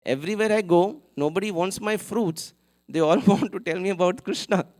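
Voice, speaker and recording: A man voicing a simple village fruit-selling woman in a sermon story, calling out her wares in a raised, drawn-out sing-song. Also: mid-range voice, a little mellow, pitched above the performer's own voice, close to an everyday voice. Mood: longing.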